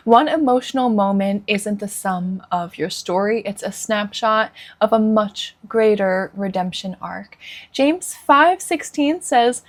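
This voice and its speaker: Woman coach delivering a devotional talk, earnest and encouraging, with a fairly high voice. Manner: earnest, encouraging, asks questions. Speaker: Christian counselor and women's coach. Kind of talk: devotional teaching talk to camera.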